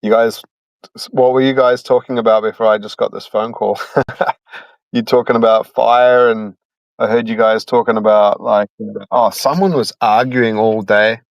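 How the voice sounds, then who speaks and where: A man's voice: mid-range voice, fairly even intonation, moderate pace, dry recording, dull audio. A man hosting a loose, rambling group call chat, laughing often.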